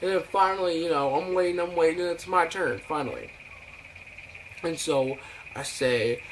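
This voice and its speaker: Young dude ranting on his vlog, kinda high voice, cussing a lot, hissy noisy recording. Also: moderate pace. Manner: profane, rambling, with many fillers and acted-out quotes. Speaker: vlogger.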